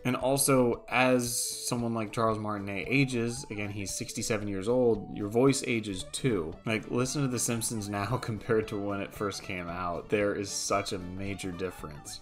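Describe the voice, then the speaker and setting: Chatty man in a gaming vlog. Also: fairly low pitch. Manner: chatty, laughs often, tells anecdotes. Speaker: gaming news YouTuber. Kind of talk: casual commentary vlog.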